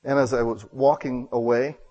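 A man's voice: medium pitch, fairly even intonation, normal speed, mellow, muffled recording. Earnest male pastor telling a story. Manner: earnest, self-deprecating storyteller who acts out dialogue. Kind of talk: storytelling sermon.

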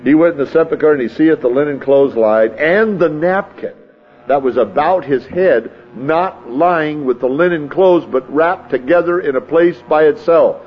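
A man's voice: fairly high pitch, moderate pace, slightly rough, dull audio. A man preaching a sermon in a folksy way, reading scripture and acting out the scene in his own words. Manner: folksy, acts out the scene, chuckles. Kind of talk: sermon teaching.

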